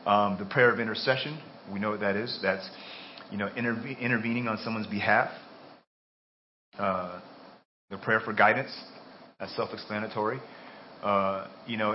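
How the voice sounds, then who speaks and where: A man with an American accent preaching a sermon in a loose, conversational way, talking through his thoughts aloud. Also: fairly low pitch. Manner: conversational, talks to himself aloud. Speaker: pastor. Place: church. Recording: dull lo-fi sermon recording with faint noise.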